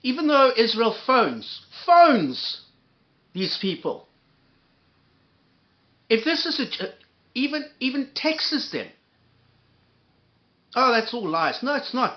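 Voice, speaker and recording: A man hosts a reaction commentary in a fairly high voice that leaps up and down. He sounds heated and sarcastic and swears freely. The sound is dull and lo-fi. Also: very animated, a little slow. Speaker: commentary host.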